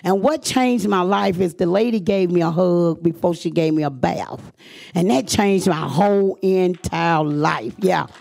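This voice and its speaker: Middle-aged woman, gravelly voice, earnest live storyteller, emphatic and repetitive. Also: on the low side, measured pace, darkish tone. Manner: earnest, emphatic, repeats phrases for weight. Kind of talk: live personal storytelling to an audience.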